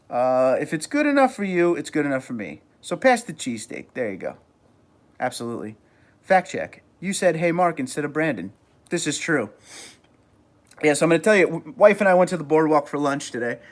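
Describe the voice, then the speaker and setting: A middle-aged man from New York with a New York accent, chatting casually on a livestream and reading viewer comments aloud. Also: a little high. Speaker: livestream host.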